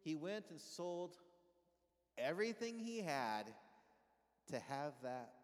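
A man's voice: a little high, sing-song, takes it slowly. A pastor giving a conversational sermon, asking his congregation questions and having them call back answers. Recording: long reverb of a large hall.

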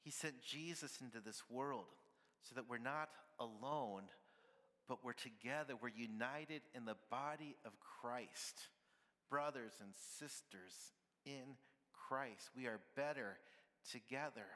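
A man's voice: mid-range voice, takes it slowly, sharp tone, big-room sound. A man preaching a sermon at church, conversational and playful, often asking the congregation "right?" with little laughs. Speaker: pastor.

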